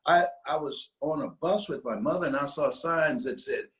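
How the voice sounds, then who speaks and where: An older man from the United States, an interview guest telling a motivational story, slowing down to stress key phrases. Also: on the high side, a bit bright, rough recording.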